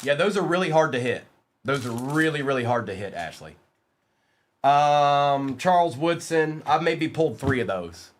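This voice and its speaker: Casting: male card-break streamer, lively pitch swings, quick excitable banter with chat.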